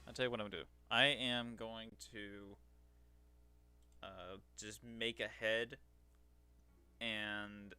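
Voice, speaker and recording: Working on a commissioned 3D model during a livestream, a man banters with viewers, jokes at his own expense, and talks himself through the task. The voice is fairly low, smooth, and sharp in tone.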